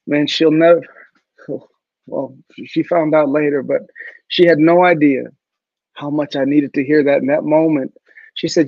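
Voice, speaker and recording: Animated guest storyteller, a man with a higher, gravelly voice, on a dull video-call line. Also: a little slow, no echo. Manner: animated storyteller who acts out quotes. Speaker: guest speaker and author. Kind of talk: storytelling interview answer.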